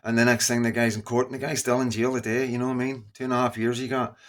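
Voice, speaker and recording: A man's voice: medium pitch, flat delivery, fast talker, a bit bright. A middle-aged man with a Scottish accent, talking casually and earnestly to his viewers, rambling and repeating himself as he goes. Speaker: YouTuber. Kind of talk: casual straight-to-camera talk.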